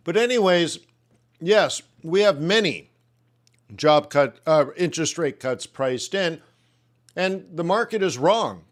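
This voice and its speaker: Here a man with a rather high, expressive voice takes his time. Hosting a live trading webinar, he loosely mulls over employment data and playfully responds to questions coming in from chat.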